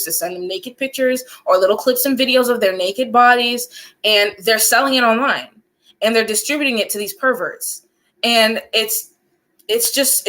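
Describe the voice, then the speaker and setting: A woman's voice: a little high, fairly bright tone, poor audio. A woman guest on a podcast, speaking emphatically and outspokenly in casual chat.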